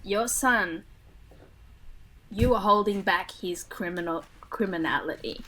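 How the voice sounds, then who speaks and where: A woman's voice: mid-range voice, a little slow, bright, forceful tone, a little hiss or hum, low-quality recording. A woman playing a brash, swearing female crook in a tabletop game.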